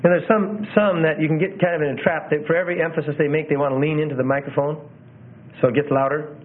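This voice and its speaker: A preaching instructor coaches preachers on delivering sermons, loose and conversational, often repeating himself and doubling back to correct his words. His voice is a bit high for a man, with a steady tone and quick pace. The audio is thin and narrow, as if heard through a phone.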